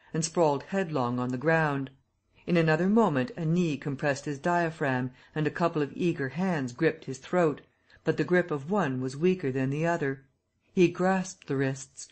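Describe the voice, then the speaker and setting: A man reading a classic novel aloud as an audiobook narrator, telling the story in a steady, even way. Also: a little high.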